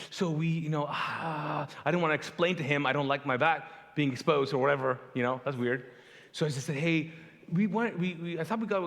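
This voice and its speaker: Middle-aged pastor guy from pakistan, storytelling sermon, kinda high voice, big hall reverb. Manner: animated storyteller, acts out quotes, self-deprecating humor. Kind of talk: conversational sermon with stories. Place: large church hall.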